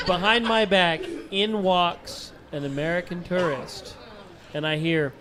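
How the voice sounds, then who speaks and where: A man's voice: sits high, fairly even intonation, unhurried, noisy background. A man on a podcast panel telling a dry travel anecdote. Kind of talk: casual anecdote.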